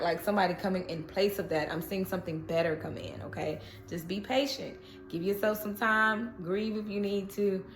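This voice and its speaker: A woman's voice: medium pitch, fairly bright tone, echoey room. A woman giving a casual tarot reading, chatty and reassuring, often checking in with "okay?". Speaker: tarot reader.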